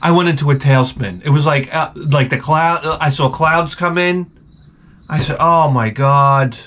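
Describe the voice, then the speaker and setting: A man's voice: fairly high pitch, fairly even intonation, moderate pace, fairly bright tone, slight background noise. A man telling a rambling, profane, comically exasperated story in a casual vlog. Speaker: vlogger.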